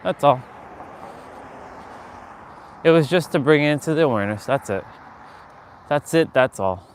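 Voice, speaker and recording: A man with a slightly high voice talks earnestly on a motivational livestream, rambling and restarting his sentences with plenty of fillers. He is outdoors by a street, with faint traffic behind him. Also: animated, moderate pace. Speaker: live-stream host. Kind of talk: casual motivational livestream talk.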